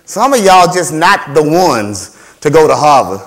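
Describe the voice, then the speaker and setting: A man giving an animated motivational talk to students about finding scholarships, playful and repetitive, acting out voices and sounds. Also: fairly high pitch, moderate pace. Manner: playful, repeats phrases, acts out voices and sounds. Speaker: scholarship workshop speaker.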